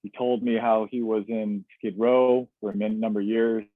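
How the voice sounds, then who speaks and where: As a webinar guest, a man candidly and reflectively recounts a personal story, full of fillers and restarts. His lowish voice barely moves in pitch and keeps a moderate pace, coming through tinny, dry webinar audio.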